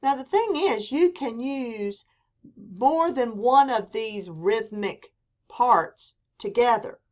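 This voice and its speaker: A woman teacher giving a classroom lecture, speaking deliberately and reading quoted examples with emphasis. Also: on the high side, animated.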